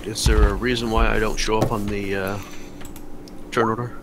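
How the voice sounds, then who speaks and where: Low-voiced player man over noisy audio. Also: level tone, normal speed. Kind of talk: casual tabletop game chat.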